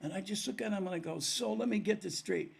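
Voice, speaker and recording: Gravelly older man telling stories. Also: high voice, quick pace. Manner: animated storyteller acting out quoted dialogue. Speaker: guest musician. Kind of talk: storytelling in a podcast interview.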